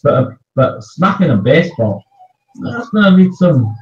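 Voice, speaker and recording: A man's voice: on the high side, big pitch swings, a little slow, a little mellow. A man with a West Yorkshire accent on a video call, blunt and full of banter, calling the other man mate. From West Yorkshire, England. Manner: blunt, banter-heavy, calls people mate. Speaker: stranger on video chat. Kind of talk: casual chat. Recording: dull, echoey video-call audio.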